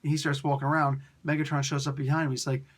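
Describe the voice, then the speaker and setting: A man casually recapping a comic storyline, animatedly acting out the characters' lines. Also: fast. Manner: animated storytelling, acts out character quotes with pitch jumps. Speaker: comic book reviewer.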